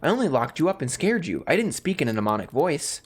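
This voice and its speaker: A man's voice: a little high, big pitch swings, quick pace, breathy edge. A man voicing a frightened young woman who pleads and panics in a game playthrough. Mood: flustered.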